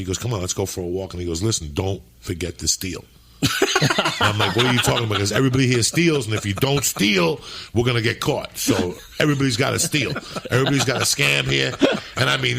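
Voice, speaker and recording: A man's voice: on the low side, creaky, a bit bright, breathy edge. A man appearing as a guest comedian, telling profane stories in a casual chat. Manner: profane, laughing storyteller.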